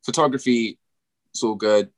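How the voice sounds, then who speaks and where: A man's voice: fairly low pitch, moderate pace. A young British man, a musician guest, chatting casually in an interview, laid-back, swearing freely and laughing often. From United Kingdom.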